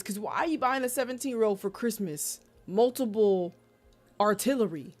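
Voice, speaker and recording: Soft music plays behind a woman streamer speaking at a moderate pace and medium pitch. In casual chat, she tells lively stories in slang and loudly voices her disbelief.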